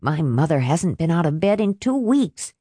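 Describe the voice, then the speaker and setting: Lady reader doing a whiny young guy, thick strained voice, begging a lot, kinda low, dry sound. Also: very animated, normal speed, dark tone, husky, no echo, heavily acted. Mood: dismissive. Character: young man, needy, tearful and pleading.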